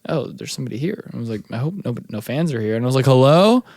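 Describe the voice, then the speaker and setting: A man's voice: medium pitch, lively intonation, rapid-fire, dark tone, breathy edge, no echo. A young man, a musician guest, casually telling tour stories with many fillers. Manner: laid-back storytelling, many fillers. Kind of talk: casual interview chat.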